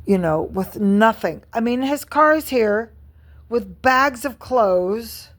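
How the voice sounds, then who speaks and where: Middle-aged woman vlogger, slightly high voice, furious profane rant. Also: expressive, takes it slowly. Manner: angry, profane, repetitive venting. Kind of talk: ranting vlog monologue.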